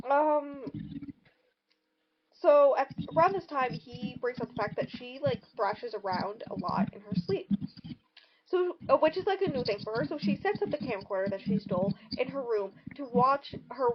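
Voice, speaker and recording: A fairly high-voiced young woman recaps a short story for her podcast co-host, rambling through the plot with plenty of "like" and "um". The sound is dull and lo-fi, with steady noise underneath. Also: a little slow. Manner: rambling retelling full of fillers. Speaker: podcast co-host summarizing a book. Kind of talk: casual book discussion.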